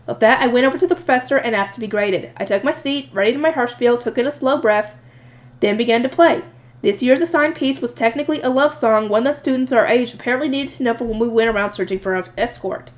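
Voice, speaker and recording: Fast, lively woman reading a novel aloud. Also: fairly high pitch. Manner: lively, expressive reading with voiced asides. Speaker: audiobook reader. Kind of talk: reading a light novel aloud, first-person narration.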